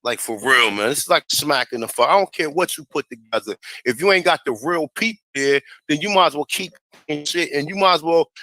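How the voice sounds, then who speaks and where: A man's voice: a little high, a little fast, sharp tone, no room sound, low-quality recording. Profane, heated man reading aloud. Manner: profane, heated, stumbles over names while reading. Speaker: host. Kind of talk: casual commentary vlog, reading aloud.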